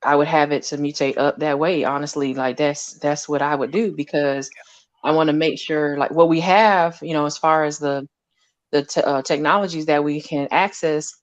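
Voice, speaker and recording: Lively low-voiced woman, dry sound. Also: normal speed, no room sound. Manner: animated storyteller, acts out quotes, laughs often. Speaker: lab scientist guest. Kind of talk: casual conversation.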